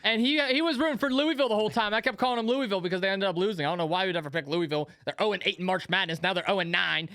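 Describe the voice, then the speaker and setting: A young man in his twenties co-hosts a casual podcast, rattling off a story at a quick clip in a high, clear voice. He acts out every person in the tale. The sound is dry and close. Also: no room sound. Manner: animated storyteller acting out quotes. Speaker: podcast co-host.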